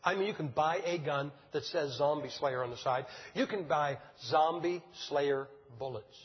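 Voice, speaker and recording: A man's voice: on the high side, normal speed, slightly rough. An older man preaching a folksy, joking sermon, firing rhetorical questions at his congregation. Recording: dull lo-fi sound, long church-hall reverb.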